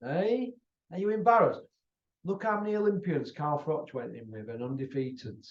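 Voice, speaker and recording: A high-voiced man rants and taunts in a combative, repetitive way. His voice sits off the mic in an echoey room. The recording sounds dull and lo-fi. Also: normal speed. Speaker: channel host. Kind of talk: ranting monologue to camera. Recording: roomy, distant, dull lo-fi sound.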